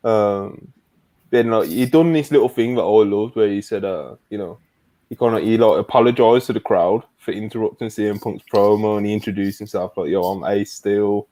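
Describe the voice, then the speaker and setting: A man co-hosting a podcast in casual chat, excitable, swearing freely and retelling events at length. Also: on the low side, brisk. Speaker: podcast co-host.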